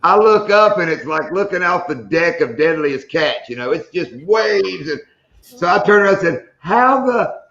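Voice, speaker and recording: Host, joking man, fairly high voice, roomy dull sound. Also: animated, moderate pace, a bit bright. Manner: joking storyteller. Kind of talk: casual live-stream chat.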